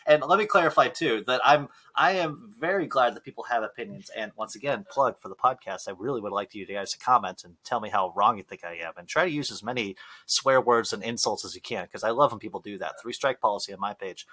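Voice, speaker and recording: A man hosting a podcast in casual chat, ranting and swearing, voice swinging between loud and soft. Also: on the low side, fast talker, few pauses, low-quality recording. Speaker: podcast host. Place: basement room.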